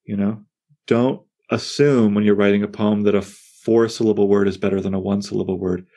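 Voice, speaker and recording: A man teaching a poetry class, talking in a lively, digressive way that often breaks off into asides. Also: fairly low pitch, a little fast. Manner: animated, digressive, self-interrupting. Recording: on air class broadcast.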